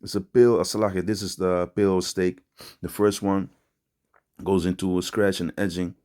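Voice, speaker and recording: A man's voice: low voice, fairly even intonation, normal speed, warm tone, clear, resonant tone. A man giving an informal religious teaching in street slang, rambling with many fillers and ending his phrases with "man". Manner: street-style slangy preaching, repeats "man". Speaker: preacher.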